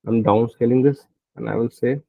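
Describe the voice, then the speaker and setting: A man's voice: mid-range voice, fairly even intonation, moderate pace, creaky, no echo. Male coding instructor working through code live, tinny dry recording, muttering and questioning himself. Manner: thinking aloud, frequent "right?" checks. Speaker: programming instructor.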